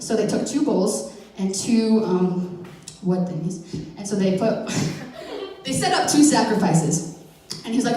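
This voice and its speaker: A young woman gives an informal sermon in a chatty, playful way, full of fillers and quick self-corrections. Her voice carries through a big hall with a long, booming echo, and she sounds some way off from the mic. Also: mellow. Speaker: youth speaker giving a church message. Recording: echoey hall from far off.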